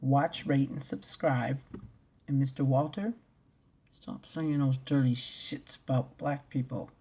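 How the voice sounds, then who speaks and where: A woman vlogger ranting to camera, blunt and profane, swinging from loud outbursts to low mutters. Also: fairly even intonation, slow, breathy edge. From United States.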